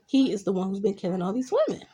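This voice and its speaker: This TV show reviewer, a young adult woman, has a mid-range voice with a dark tone and a breathy edge, and she races through her words. She recaps episodes in a chatty, casual way, peppering the story with "I'm like" reactions of her own.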